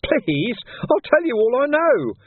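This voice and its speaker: Brief: a man putting on a squealing, cowardly petty crook, high-pitched and stammering; tinny, dry audiobook sound. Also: sing-song, a little slow, a little hiss or hum, full character voice. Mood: panicky. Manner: panicky, pleading, stammering. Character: frightened squeaky small-time male crook. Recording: dry phone-like narrow sound.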